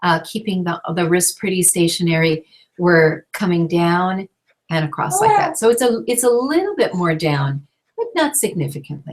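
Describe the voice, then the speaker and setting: A woman teaching a live online class over a call, chatty and gentle as she explains. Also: lowish voice, lively intonation, normal speed. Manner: gentle, chatty, breaks off to soothe a baby. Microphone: call microphone.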